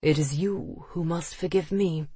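A narrator voicing a cultured well-bred young gentleman in a period romance audiobook, speaking in a deep, courteous tone. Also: measured pace, breathy edge, no room sound.

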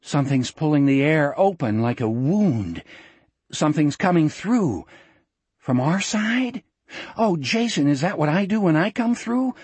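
A man voicing a frightened young boy who shouts in alarm in an audiobook reading. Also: a little high, big pitch swings, unhurried, breathy edge, no room sound, exaggerated voice.

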